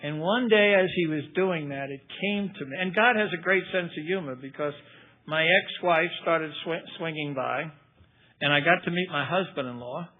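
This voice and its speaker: At a meeting, an older AA speaker shares his recovery story in a wry, conversational manner at a moderate pace. His voice runs a little high, and the recording sounds thin and tinny, as if over a phone line.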